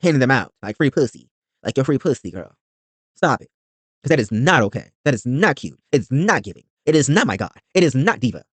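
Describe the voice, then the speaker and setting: Guy ranting about a reality show episode, rambling and blunt, talks fast. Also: mid-range voice, very animated, slightly rough, no echo. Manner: rambling, blunt, profane commentary. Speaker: reaction video host. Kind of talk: casual reality-show recap.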